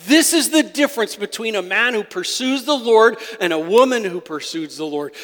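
A man with a high, light voice preaches a sermon, pressing points with loud emphatic bursts and then dropping to quiet asides. His voice rings out with a long reverb from a church hall. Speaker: pastor.

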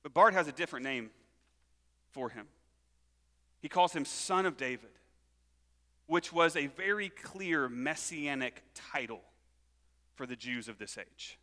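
Bright-voiced man preaching in a hall. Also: fairly high pitch, unhurried, pauses often. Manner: animated storytelling, acts out voices. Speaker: pastor. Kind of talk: sermon.

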